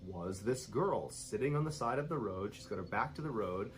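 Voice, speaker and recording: A man narrating a true-crime style scary story in a steady, suspenseful storytelling manner. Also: lowish voice, moderate pace, a little hiss or hum, poor audio.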